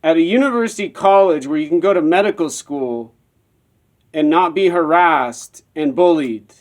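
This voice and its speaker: Male, slightly high voice, rambling and repetitive solo storyteller. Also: normal speed, darkish tone. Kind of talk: personal monologue.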